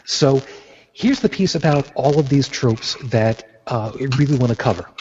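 A man's voice: mid-range voice, expressive, moderate pace, a little mellow, lo-fi sound, a little hiss or hum. A man hosting a casual podcast discussion, emphatic and opinionated, often repeating phrases as he builds a point. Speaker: podcast host.

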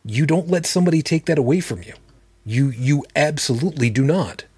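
A man's voice: on the high side, animated, brisk, darkish tone, husky, dry recording. A man hosting a livestreamed podcast who talks casually, bluntly and with plenty of swearing. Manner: blunt, profane, emphatic. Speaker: podcast host.

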